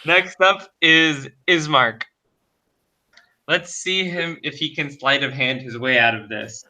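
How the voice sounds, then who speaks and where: A man running a tabletop game as game master, unhurried and laughing often. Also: a little high, pushed and bright.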